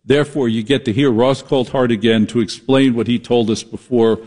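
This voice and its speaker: A man's voice: mid-range voice, fairly even intonation, darkish tone. A man hosting a talk radio show, delivering a comedic monologue, riffing and mocking as he goes. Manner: riffing, mocking, switches into quick impressions.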